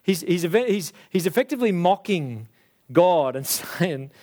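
A young adult man preaching a sermon, animated and acting out the voices of biblical figures. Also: high voice, a little slow.

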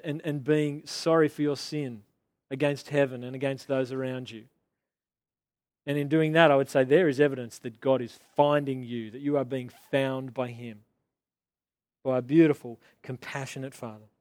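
Animated male preacher with a dry sound. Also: medium pitch, normal speed, dry recording. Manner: animated, rising to indignant mock outbursts. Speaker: pastor. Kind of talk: sermon.

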